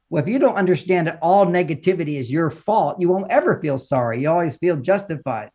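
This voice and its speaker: A man's voice: lively intonation, a little fast, few pauses, darkish tone, breathy edge. A man who works as a relationship counselor and author, giving advice as a podcast guest in an emphatic, lecturing way, repeating phrases in lists. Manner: emphatic and lecturing, rising in pitch and volume for emphasis. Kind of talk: animated advice talk in an interview.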